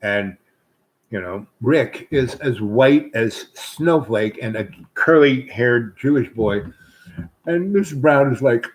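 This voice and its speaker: A man's voice: mid-range voice, measured pace, rough recording. A man hosting his own show, telling a long, meandering story with many restarts and asides. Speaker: host. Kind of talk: rambling storytelling monologue.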